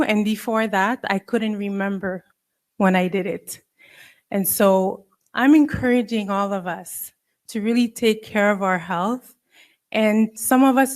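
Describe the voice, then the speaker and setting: A woman hosting an event, responding personally and encouragingly after a talk. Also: medium pitch.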